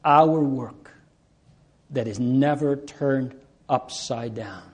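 Slow, earnest male preacher. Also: medium pitch, a little mellow. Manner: slow, earnest preaching with drawn-out pleading cries. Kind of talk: sermon.

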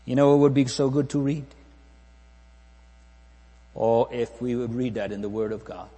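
A man's voice: medium pitch, moderate pace, warm tone, in a large hall. A man preaching a solemn sermon in a church, asking the congregation repeated rhetorical questions.

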